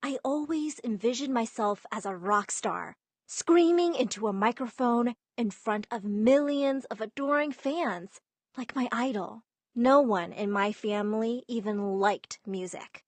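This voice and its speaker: A young woman narrating an animated story in a lively, emphatic way. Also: fairly high pitch, unhurried, no room sound.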